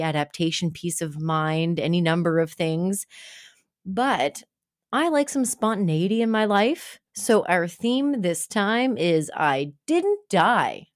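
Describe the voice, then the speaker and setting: A woman's voice: on the low side, no echo, studio quality. A woman hosting a podcast, chatting casually and candidly with a guest, joking and swearing now and then. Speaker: podcast host. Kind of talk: casual interview chat.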